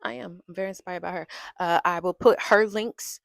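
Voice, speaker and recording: Young adult female host, casual and playful, slightly low pitch, dry sound. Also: fairly quick, vocal fry, no echo. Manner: chatty and playful, laughs often. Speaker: podcast host. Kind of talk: casual chat.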